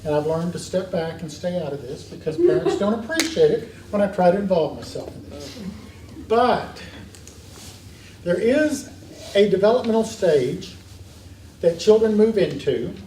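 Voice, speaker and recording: In a church meeting room, a man teaches a parenting class like a classroom lecture, earnest and full of stories with emphatic stresses. His high-pitched, mellow voice is sing-song at a moderate pace with long pauses. The recording is echoey and distant, with faint hiss.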